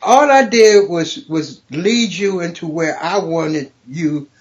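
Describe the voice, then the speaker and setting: Man comedian guest, slightly high voice, storyteller who cracks up at his own jokes. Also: slow pace, highs cut off, background noise. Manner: storytelling, builds jokes and laughs loudly at his own punchlines. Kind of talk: casual podcast chat with joke telling.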